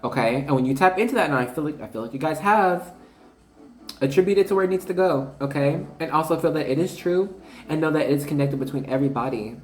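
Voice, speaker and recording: A woman's voice: sits low, fast talker, a little mellow. Rambling slangy woman in a roomy room. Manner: rambling, slangy, enthusiastic, keeps addressing "you guys". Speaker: spiritual card reader. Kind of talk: casual channeled reading to viewers. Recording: roomy echo.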